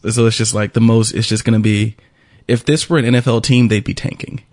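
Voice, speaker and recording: A man's voice: medium pitch, fairly even intonation, fairly quick, a little mellow, no room sound, clean studio sound. A man co-hosting a radio show, chatting casually with lots of ums and laughs. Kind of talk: casual banter.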